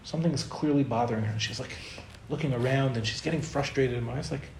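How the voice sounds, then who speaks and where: A man's voice: medium pitch, fast, gravelly, darkish tone, a little hiss or hum. A man giving a spiritual talk to an audience, conversational and storytelling, acting out the people he quotes. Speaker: Torah teacher. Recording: roomy echo, faint ambience.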